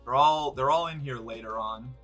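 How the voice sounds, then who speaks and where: Rambling bright-voiced male streamer. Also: mid-range voice, normal speed, soft background music. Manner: rambling, self-interrupting, swears. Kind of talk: casual live-stream chat.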